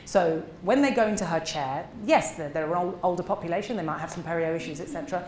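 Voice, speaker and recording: A middle-aged woman, a dentist giving a seminar talk, animated and emphatic, acting out short exchanges. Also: on the low side, fast talker. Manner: animated, acts out little dialogues, emphatic. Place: seminar room. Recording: echoey room with faint noise.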